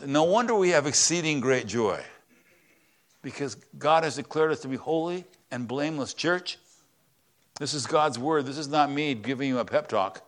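A man preaching a conversational sermon in a church, swinging between loud, stressed words and quiet asides. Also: a little high, expressive, normal speed. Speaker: pastor.

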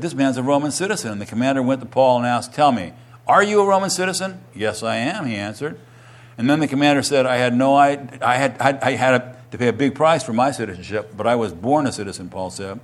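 A middle-aged male pastor preaching a sermon, reading scripture aloud and then retelling it with rising, animated emphasis. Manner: animated, rising in pitch and volume when retelling a quoted testimony.

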